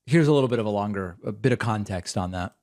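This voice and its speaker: A man's voice: fairly low pitch, fast talker, a little mellow. A man hosting a political talk show, giving sarcastic, incredulous commentary on news clips.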